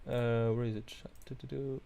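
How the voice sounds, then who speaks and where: Gravelly French-accented man thinking aloud. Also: mid-range voice, steady tone, moderate pace, a little mellow. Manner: thinking aloud, hums while working. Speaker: host. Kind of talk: live chart analysis.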